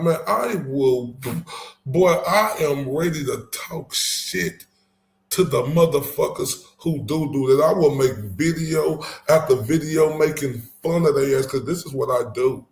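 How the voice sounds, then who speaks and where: A man's voice: medium pitch, expressive, a little slow, gravelly, roomy sound. A man hosting his own channel, giving heated, profane commentary with angry emphasis and frequent stumbling restarts.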